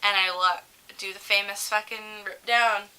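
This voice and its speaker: A woman's voice: medium pitch, steady tone, normal speed, sharp tone, clean tone, poor audio. A young woman co-hosting a casual chat, telling giggly, profane stories about serving tables. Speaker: co-host.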